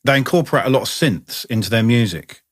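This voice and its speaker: A man co-hosting a casual podcast, his pitch swinging up and down as he tells stories. He swears freely and gets carried away with enthusiasm. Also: animated, fast. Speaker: podcast co-host. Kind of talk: casual chat.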